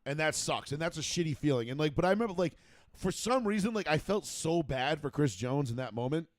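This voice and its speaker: A man co-hosting a casual sports talk show, rambling and profane, restarting sentences and getting animated as he makes a point. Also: a little high, fairly quick, no room sound. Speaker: podcast co-host.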